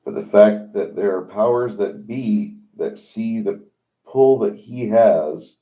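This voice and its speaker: A man hosting a livestream, talking in a rambling, opinionated monologue with many halts. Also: fairly low pitch. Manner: rambling, opinionated, halting with fillers. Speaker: livestream host. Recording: dull lo-fi sound.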